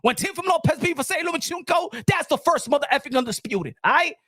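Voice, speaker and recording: A man hosting a boxing channel's live stream, ranting in a loud, heated voice and repeating lines for emphasis in profane street slang. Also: very high voice, expressive, fast, dry recording, studio quality.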